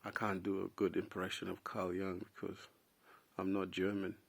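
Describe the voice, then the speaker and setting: A young man from South Sudan talks off the cuff in a loose, rambling monologue, peppered with "bro" and restarts. His voice sits on the lower side. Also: completely flat delivery, normal speed, vocal fry. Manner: casual, rambling, says "bro" a lot. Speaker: vlogger. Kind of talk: unscripted opinion monologue.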